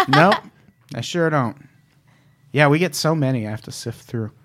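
A man's voice: fairly high pitch, huge pitch swings, measured pace, gravelly, a bit bright. A man hosting a casual podcast chat, wry and joking, swearing freely. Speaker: podcast host.

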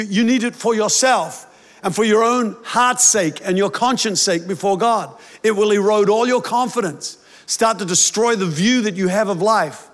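Emphatic preacher in a reverberant hall. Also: male voice. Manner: emphatic preaching, quick shifts to louder, higher lines. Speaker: pastor. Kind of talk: sermon.

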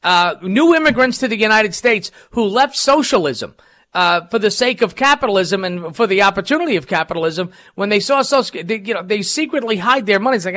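A man with a high-pitched voice hosts a talk radio show. He rambles casually, with plenty of fillers and restarts. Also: lively intonation, normal speed, a bit bright.

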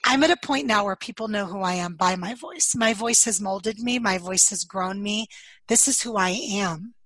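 A woman with a slightly hoarse, husky voice, telling her life story in an interview and acting out the dialogue she recalls. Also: mid-range voice, normal speed, fairly bright tone, no echo, poor audio. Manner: storytelling, acts out quoted dialogue, laughs often. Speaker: podcast guest.

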